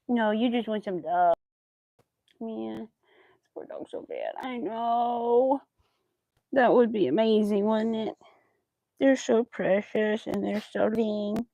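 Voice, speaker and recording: A woman with a slightly high voice and a gravelly fry, talking casually as a crochet vlogger. She slips into cooing baby talk with her dog. The sound is close and dry. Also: animated, slow pace, long pauses, warm tone, no echo.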